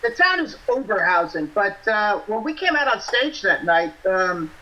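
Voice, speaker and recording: A man's voice: sits high, big pitch swings, moderate pace, dull audio. A man, a band frontman, chatting as an interview guest and talking in long run-on lists. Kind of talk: casual interview chat.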